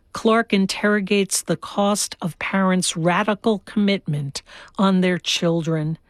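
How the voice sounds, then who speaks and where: A woman giving a measured, deliberate radio book review. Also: on the low side, no room sound, studio quality. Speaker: book critic.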